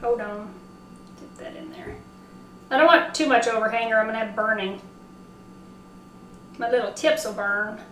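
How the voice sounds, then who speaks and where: A woman with a Southern accent hosting a casual cooking demo, chatting excitedly and talking to herself as she works. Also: on the high side, moderate pace, long pauses, slight background noise. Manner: chatty, excitable, talks to herself while working. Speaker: cooking show host. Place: home kitchen. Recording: echoey kitchen, mic at a distance.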